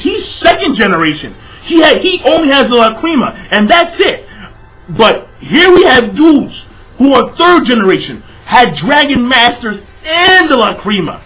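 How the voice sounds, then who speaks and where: Young male vlogger, high bright voice, exasperated profane rant with shouted bursts. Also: rough recording. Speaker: manga reviewer. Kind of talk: ranting manga review vlog.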